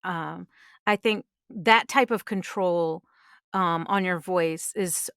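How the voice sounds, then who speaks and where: Earnest, smooth-voiced woman giving advice. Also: on the low side, slow, fairly bright tone, no room sound, studio quality. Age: middle-aged. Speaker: voice actress guest. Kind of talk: conversational interview. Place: podcast studio.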